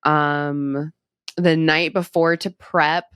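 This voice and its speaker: A young woman with a low, smooth, clear voice talks as a guest in a casual interview. Her delivery is chatty and upbeat, full of "like" and "um". The sound is close and dry. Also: level tone, extremely slow, fairly bright tone, no echo. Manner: chatty, upbeat, heavy use of "like" and "um". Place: cosmetic surgery clinic.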